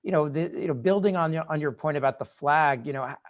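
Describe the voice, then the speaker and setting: A man moderating a virtual event, asking questions in a halting way with many fillers. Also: on the high side. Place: video call.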